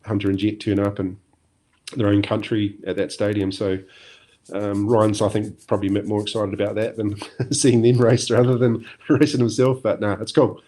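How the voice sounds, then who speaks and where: A middle-aged man with a New Zealand accent, chatting as a podcast guest in a relaxed, rambling way with many fillers. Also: lowish voice, normal speed. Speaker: podcast guest, former motocross champion. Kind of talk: casual interview chat.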